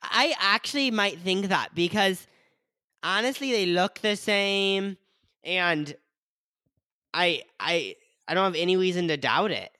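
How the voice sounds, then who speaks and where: A young man whose voice swoops up and down with lively energy. He chats on a casual podcast, giggling and filling every pause with "like." The sound is dry and close. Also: high-pitched, no echo. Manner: giggly, says "like" constantly, trails off. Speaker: podcast co-host. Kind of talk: casual chat.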